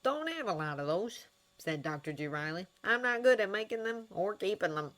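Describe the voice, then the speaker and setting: A woman voicing a kind, wry adult man who is a doctor and mentor, speaking earnestly and with gentle teasing. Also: mid-range voice, lively intonation, normal speed, voice pushed up, lightly acted.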